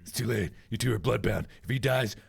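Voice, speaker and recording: A man playing a gruff, tough-talking film buff. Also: lowish voice, fairly quick, voice pushed down, heavily acted. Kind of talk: game dialogue read aloud.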